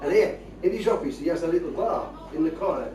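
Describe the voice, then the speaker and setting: A man's voice: a little high, quick pace, warm tone. An older man with a Northeast English accent telling comic stories to a live crowd, chatty and laughing at his own jokes. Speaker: comic storyteller and spoon player. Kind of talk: stand-up storytelling to a live crowd. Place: hall with live audience. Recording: roomy hall mic from far off, crowd.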